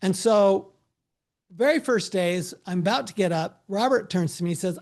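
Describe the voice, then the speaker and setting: A middle-aged man, a tax advisor, giving a relaxed, anecdote-filled presentation over a video call with frequent restarts. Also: high-pitched, moderate pace. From United States.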